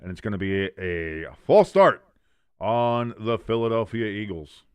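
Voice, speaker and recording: A man's voice: fairly low pitch, animated, measured pace, darkish tone, clear, resonant tone, dry recording. A man hosting a live watch-along stream, calling plays as commentary, reading chat comments, correcting himself and cracking jokes. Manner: jokey, self-correcting, reads chat aloud.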